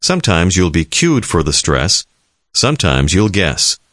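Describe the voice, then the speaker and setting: A very deep-voiced man narrates a language lesson in a calm, measured tone. His delivery is lively in pitch despite the steady pace, and the recording is dry and close with no room sound. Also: no room sound. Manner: calm, measured, clearly enunciated. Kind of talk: scripted instructional narration.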